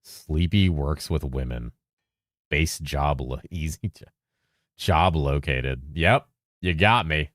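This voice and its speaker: A man with a very deep voice, chatting casually on a game stream, reading messages from chat aloud and answering them with casual swearing. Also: no room sound, studio quality. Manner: lively presenter inflection at times, drops into a flatter low voice at other times; talks fast to keep up with chat.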